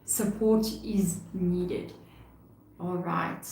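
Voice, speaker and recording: A woman's voice: on the low side, steady tone, drawn-out words, dark tone, a little hiss or hum. A woman with a South African accent giving a chatty, reassuring live tarot reading, laughing often. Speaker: tarot reader. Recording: echoey room, mic far off.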